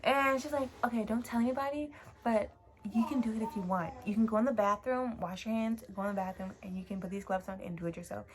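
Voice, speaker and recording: A woman's voice: medium pitch, fast. A young woman vlogger telling a story in a casual, emotional way, with lots of fillers and casual swearing. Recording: clear background noise.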